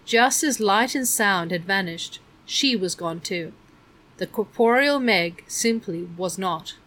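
A woman's voice: medium pitch, a bit bright. Woman narrating a storybook. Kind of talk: audiobook narration.

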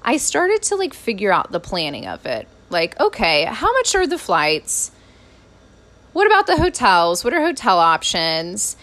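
A woman in her thirties, a coach and podcast host, telling a personal story in a lively, spontaneous way and laughing often. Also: medium pitch, unhurried. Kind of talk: casual storytelling monologue.

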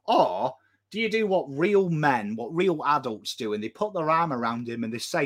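English bloke ranting on a footy fan show, swears a lot, pitch all over the place. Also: male voice, lively intonation, normal speed. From England. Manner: sweary, impassioned, swings from shouting to low and intense. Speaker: co-host. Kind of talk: fired-up fan rant.

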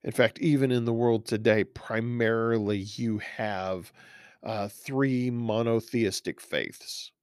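A man's voice: medium pitch, slow pace, a little mellow, smooth, no echo, clean studio sound. A man, a pastor, teaching a verse-by-verse Bible study in a conversational way, reading scripture aloud and stopping to comment on it. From Texas.

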